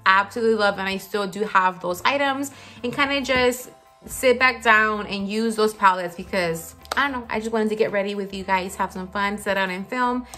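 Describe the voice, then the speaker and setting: A woman beauty vlogger chatting casually while she does her makeup, rambling with lots of fillers, her voice low from the morning. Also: moderate pace, bright, forceful tone, soft background music. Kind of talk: casual get-ready-with-me chat. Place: home, seated at a filming setup.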